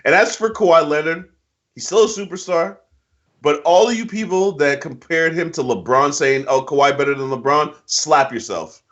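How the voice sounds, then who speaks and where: A man's voice: expressive, normal speed, a bit bright. A man co-hosting casual basketball chat, giving emphatic, slangy opinions. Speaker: NBA picks co-host. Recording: muffled low-fidelity audio.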